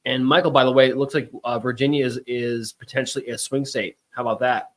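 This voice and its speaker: A man's voice: mid-range voice, fairly even intonation, fast talker, fairly bright tone. Chatty, emphatic male talk-show host. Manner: chatty, emphatic, rambling asides. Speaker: podcast host. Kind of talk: casual political talk show.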